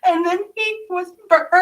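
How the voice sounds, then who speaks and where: A woman with a fairly high voice channels a spiritual vision, crying and short of breath. She halts, repeats her words and laughs through her tears. Her voice sounds a little distant from the microphone. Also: a bit bright. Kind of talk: emotional channeling session.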